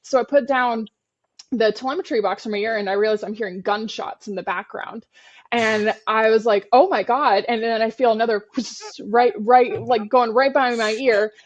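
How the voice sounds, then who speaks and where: A woman co-hosting a podcast, telling her fieldwork stories casually, animated and frank, with free swearing. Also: a little high, moderate pace, highs cut off. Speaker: podcast co-host, turtle biologist. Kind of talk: casual storytelling.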